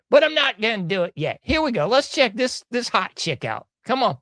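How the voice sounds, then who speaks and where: A man's voice: very high-pitched, sing-song, fairly quick, fairly bright tone, no echo. A man hosting a podcast, riffing sarcastically on news clips and laughing often. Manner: sarcastic, laughing, drawling slang. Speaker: show host. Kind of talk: casual podcast commentary.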